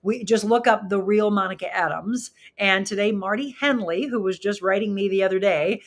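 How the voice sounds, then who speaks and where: A woman's voice: medium pitch, normal speed. A woman hosting a live talk show, chatting with viewers and reading their comments aloud, in front of flowers. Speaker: host. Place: studio with flowers behind her.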